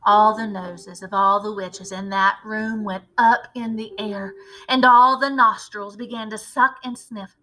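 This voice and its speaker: A teacher reading a children's novel aloud with expressive, animated narration. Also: female voice, fairly high pitch, a little slow, low-quality recording. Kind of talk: storybook read-aloud narration.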